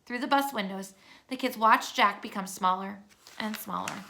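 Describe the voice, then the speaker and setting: Bright-voiced woman reading a storybook. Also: mid-range voice, moderate pace, gravelly. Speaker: narrator. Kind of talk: reading a children's chapter book aloud.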